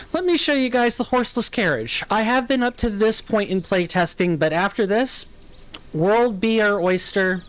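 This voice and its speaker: This US let's play streamer has a General American accent and a fairly high, a bit bright voice with a clean tone. He muses casually and answers chat aloud while playing for viewers.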